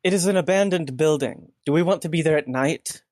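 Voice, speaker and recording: A man with a fairly high voice chats as a tabletop player, wry and joking. The sound is dry and close. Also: brisk, a little mellow, dry recording. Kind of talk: casual tabletop chat.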